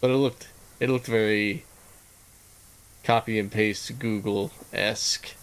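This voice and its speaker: A man streaming a game and chatting casually with his viewers, laughing often and thinking out loud. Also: mid-range voice, lively intonation, takes it slowly. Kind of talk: casual gaming stream chat.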